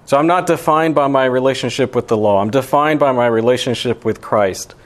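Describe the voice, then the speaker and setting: A man's voice: medium pitch, fairly quick. A young man giving a sermon as pastor, talking in a casual, conversational way with lots of "you know" and "right". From Alabama.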